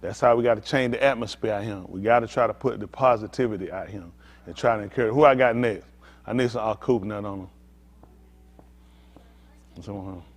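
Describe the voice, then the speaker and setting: A man's voice: on the low side, a little fast, pauses often. A man preaching as a pastor, coaxing and teasing volunteers from the congregation in a playful way.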